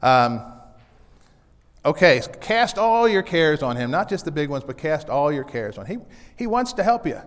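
A man's voice: fairly high pitch, big pitch swings, moderate pace, big-room sound. A man preaching a casual sermon in a church, in a folksy way, often repeating his key lines. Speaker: pastor. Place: church sanctuary.

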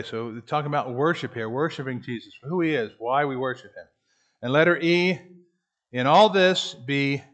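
A man's voice: mid-range voice, a bit bright. A man leading a Bible study class, teaching in a conversational way and asking the group questions. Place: room with a class.

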